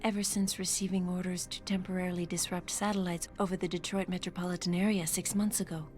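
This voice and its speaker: An actress playing a female news anchor program who speaks in a measured, robotic way. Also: on the low side, level tone, darkish tone, close to an everyday voice. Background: game music.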